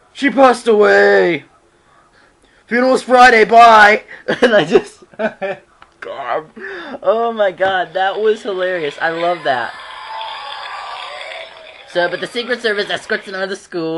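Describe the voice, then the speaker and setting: A fan recapping a TV episode in a casual vlog, rambling and giggling, with frequent restarts. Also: medium pitch. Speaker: show reviewer.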